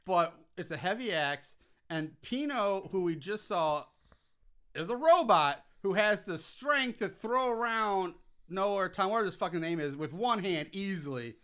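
A man's voice: sits high, expressive, a little slow, pushed and bright, clean tone. A man co-hosting a casual movie podcast who chats and laughs, swears freely and sometimes breaks into mock accents. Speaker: podcast co-host. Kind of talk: casual movie review chat.

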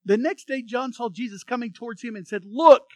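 A male pastor preaching an animated sermon, acting out voices from the story and leading the congregation in repeating phrases. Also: very high voice, fast, dry recording.

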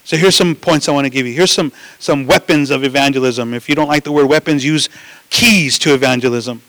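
A man preaching a sermon in an animated way, with frequent restarts and asides to the listeners. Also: mid-range voice, a little fast, no room sound, poor audio. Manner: animated preaching, acts out voices, many restarts and "right?".

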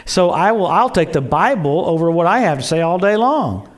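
A man preaching a sermon in an excitable storytelling way, acting out quoted voices and exclaiming. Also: sits high, normal speed.

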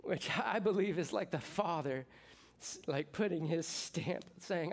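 A middle-aged American man preaches as pastor at a measured pace, his voice on the high side. The sermon feels like a conversation, laced with jokes and flashes of excitement.

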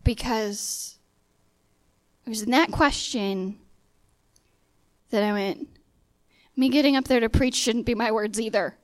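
A woman's voice: a little high, takes it slowly, long pauses, dry recording. Woman telling a story in sermon style. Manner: animated storytelling, acting out dialogue in quoted voices. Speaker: speaker sharing a testimony.

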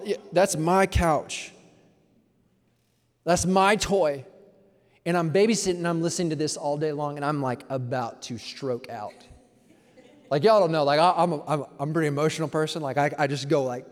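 Young male pastor, slangy, dynamic sermon delivery, slightly high voice, reverberant hall sound. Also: fast. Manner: energetic preaching, swings from soft to loud.

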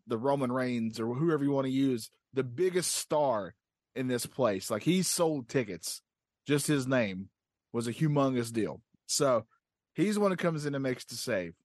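A man's voice: mid-range voice, no echo, clean studio sound. A man co-hosting a podcast, eagerly retelling a story in casual chat with frequent fillers. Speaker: podcast co-host.

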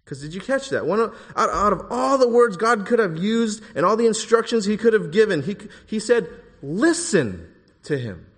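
A man preaching a sermon in a church, emphatic, rising to forceful bursts on key phrases. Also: sits high, lively intonation, fairly quick, few pauses, long reverb tail.

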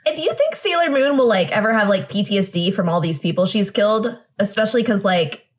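A woman's voice: mid-range voice, expressive, quick pace. A young woman hosting a podcast in casual chat, chatty and laughing, saying "like" a lot. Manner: chatty and laughing, often says "like". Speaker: podcast host.

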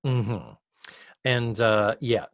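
A man's voice: mid-range voice, drawn-out words, no room sound. A man co-hosting a podcast, recapping an episode in casual chat and acting out the lines he quotes. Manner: animated, acts out quotes in raised voices. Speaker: podcast co-host.

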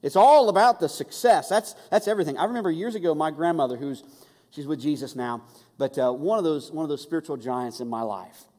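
A man preaching a conversational, animated sermon and acting out the voices he quotes. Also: a little high, fairly quick. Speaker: pastor. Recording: long hall reverb.

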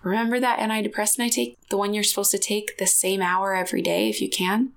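A woman's voice: mid-range voice, little pitch movement, quick pace, gravelly. A woman host in her thirties candidly telling a personal story on her podcast. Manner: candid, emotional, confessional.

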